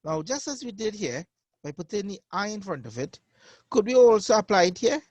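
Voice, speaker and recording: A man teaching a beginner Arabic class, patiently repeating each phrase slowly for his learners. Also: sits high, very animated, a little mellow, no echo, highs cut off. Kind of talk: online beginner language lesson.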